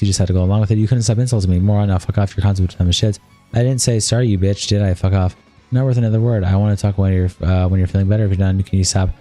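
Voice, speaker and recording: Man, streamer, reads chat logs aloud at breakneck speed, deep mellow voice, faint music behind. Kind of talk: reading chat messages aloud on a livestream.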